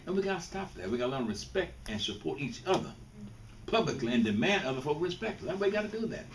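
His voice sits a little high, and he talks fast and very animatedly. An older guest speaker from Mississippi, he addresses students bluntly and casually with frequent restarts and repetitions, heard through a distant mic with faint background noise.

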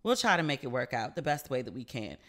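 A woman's voice: very deep voice, big pitch swings, quick pace. Woman, podcast host, solo chat, candid, swearing, filler-heavy. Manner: chatty, candid, swears freely, lots of "like".

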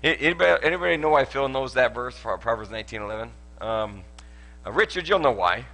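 A man preaching a sermon at a church service, animated and joking as he tells stories. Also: medium pitch, fast. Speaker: pastor.

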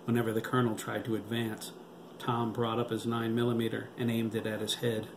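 A man narrating a novel aloud at a steady, even pace. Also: on the low side, fairly quick. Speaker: audiobook narrator. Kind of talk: novel reading. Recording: roomy with background noise.

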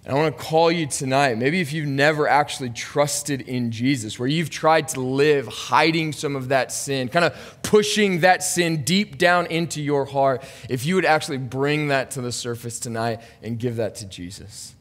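A man's voice: medium pitch, moderate pace, hardly any pauses, fairly bright tone. A man in his thirties, a pastor preaching an earnest, confessional sermon that builds to urgent emphasis. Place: church sanctuary. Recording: long hall reverb.

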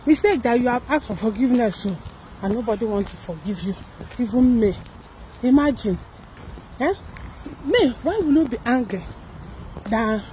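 A woman's voice: on the high side, warm tone, slight background noise, rough recording. A young Nigerian woman giving a sarcastic gossip commentary, firing off mocking rhetorical questions. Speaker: celebrity gossip vlogger. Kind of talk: satirical commentary vlog.

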